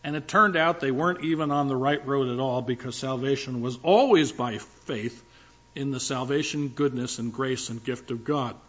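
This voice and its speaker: A man's voice: medium pitch, normal speed, a bit bright, highs cut off. An older male pastor preaching a sermon in a conversational, emphatic way, with asides to the congregation.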